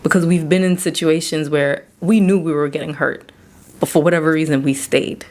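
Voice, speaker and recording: A woman with a somewhat low voice speaks as a therapist and psychiatric provider, giving a faith-based mental health talk. She is earnest and conversational and slips into acted-out dialogue as she explains. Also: steady tone, brisk, darkish tone. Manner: earnest and conversational, acts out quoted back-and-forth dialogue.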